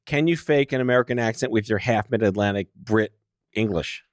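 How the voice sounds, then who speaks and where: A man's voice: on the low side, no room sound, studio quality. A man from New York with a faint New York accent, hosting a podcast interview in a playful, teasing way. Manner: playful, teasing, quick with jokes. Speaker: podcast host. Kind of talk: casual joking interview.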